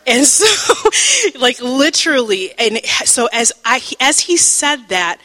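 A woman teaching the Bible through a personal testimony, emotional and halting, with many fillers and restarts, and breaking into laughter at times. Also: sits high, animated, bright, forceful tone, long reverb tail, poor audio.

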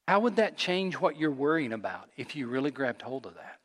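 A man preaching a sermon as a pastor, earnest, rising to loud call-and-response with his congregation. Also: mid-range voice, very animated, a little fast, long reverb tail. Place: church sanctuary.

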